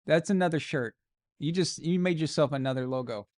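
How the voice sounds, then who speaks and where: A man hosting a live stream, reacting to a football game with jokes and excited, casual commentary. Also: on the high side, fairly quick. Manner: joking, excitable, swears casually. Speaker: livestream host.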